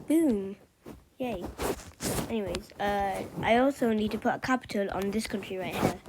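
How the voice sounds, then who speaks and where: A woman with a medium-pitched voice talks at a moderate pace over heavy background noise. She's a map video creator giving casual commentary over a map scenario, rambling with plenty of fillers and offhand remarks.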